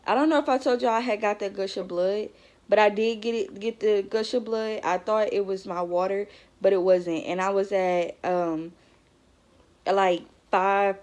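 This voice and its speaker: A woman's voice: mid-range voice, a little mellow. Chatty young woman with a drawl. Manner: chatty, many fillers, talks straight to viewers. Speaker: vlogger. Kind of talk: casual storytime vlog.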